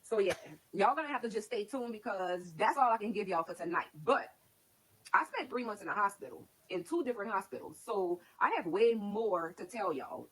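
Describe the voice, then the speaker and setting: A woman's voice: medium pitch, expressive, moderate pace, a bit bright, slightly rough, low-quality recording. A woman casually telling her own life story to her stream viewers, candid and rambling, with lots of "like". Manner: candid, rambling, heavy use of "like". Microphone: streaming setup.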